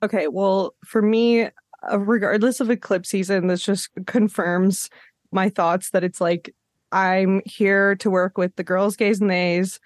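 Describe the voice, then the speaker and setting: A woman host in a casual podcast conversation, her voice sitting in the middle range and recorded dry and close. She tells stories with lively energy, slipping into quoted voices and breaking into laughter. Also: mid-range voice, unhurried, dry recording. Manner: animated storyteller, acts out quotes with laughs. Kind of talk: casual chat.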